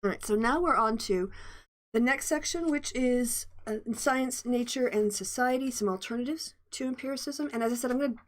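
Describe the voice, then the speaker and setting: A woman's voice: fairly high pitch, normal speed. Chatty woman giving an informal lecture. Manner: chatty, thinks aloud, many asides and restarts. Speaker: host. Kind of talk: casual lecture reading from a textbook.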